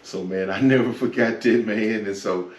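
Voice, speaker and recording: A man's voice: lowish voice, normal speed. A man in his forties giving a reflective personal testimony in an interview, dropping "man" and "you know" as he goes. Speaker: interview guest. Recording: echoey room, from far off, faint noise.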